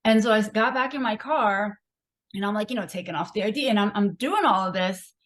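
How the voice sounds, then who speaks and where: A woman's voice: medium pitch, fairly quick. Candid woman telling a hard story. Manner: candid and emotional, many fillers. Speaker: podcast guest. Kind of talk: personal story in a podcast conversation.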